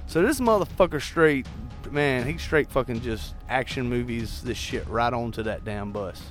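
A man's voice: mid-range voice, normal speed, few pauses, faint music behind. A man co-hosting a podcast, swearing freely as he retells a movie plot in casual chat. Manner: profane, keeps retelling the plot. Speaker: podcast co-host.

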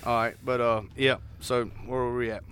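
A man's voice: mid-range voice, flat delivery, normal speed, fairly bright tone, a little hiss or hum. A man co-hosting a podcast, swearing freely as he retells a movie plot in casual chat. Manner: profane, keeps retelling the plot. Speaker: podcast co-host.

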